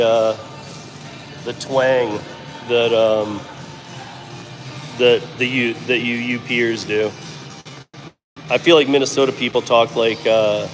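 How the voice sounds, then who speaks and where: A middle-aged man from Michigan with a Michigan accent, chatting casually on a live stream while driving, rambling and restarting his sentences. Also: medium pitch. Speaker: delivery driver livestreamer. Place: inside a vehicle. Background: music playing.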